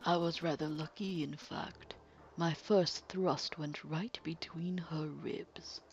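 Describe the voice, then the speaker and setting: A woman voicing a calm, sadistic middle-aged male killer, talking slowly in a hushed, mocking, polite way. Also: low-pitched, muffled recording, slight background noise. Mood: menacing calm. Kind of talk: dramatic reading of game text.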